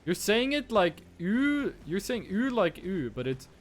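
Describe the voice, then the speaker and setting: A man's voice: high-pitched, sing-song, a little slow. A man from Estonia, streaming a game and playfully musing aloud over how words are pronounced. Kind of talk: casual live-stream gaming commentary.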